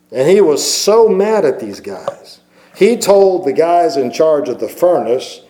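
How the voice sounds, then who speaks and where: Mellow-voiced pastor telling a story. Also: male voice, medium pitch, rough recording. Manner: conversational storytelling, many fillers and restarts. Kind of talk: sermon. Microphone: microphone.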